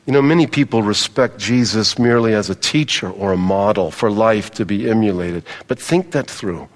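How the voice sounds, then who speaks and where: A man's voice: lowish voice, normal speed, big-room sound. A male pastor preaching a sermon, emphatic, repeating key phrases and calling on the congregation to respond.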